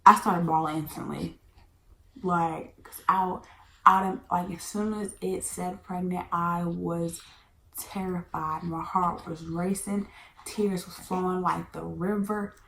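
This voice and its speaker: A woman's voice: fairly low pitch, slow pace, vocal fry. Chatty young woman, echoey room. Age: 20s. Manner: chatty, animated, drops into whispers. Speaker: vlogger. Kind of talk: casual storytime. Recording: echoey room, faint background hum.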